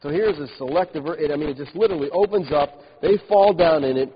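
A man preaching a sermon, reading scripture aloud and breaking off into animated, mocking commentary. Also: a little high, fast. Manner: animated, mocking the complainers with laughs and exaggerated quotes. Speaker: pastor. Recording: dull lo-fi sound in a large reverberant hall with faint hiss.

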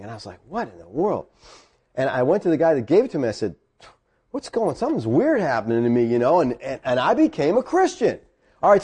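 A husky-voiced middle-aged pastor shares a personal story during his sermon, his voice climbing high whenever excitement takes hold.

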